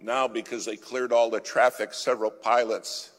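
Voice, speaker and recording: A man giving a sermon as a guest speaker, telling a dramatic story, swinging from loud urging to a hushed whisper. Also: mid-range voice, little pitch movement, normal speed. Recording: long hall reverb with faint music.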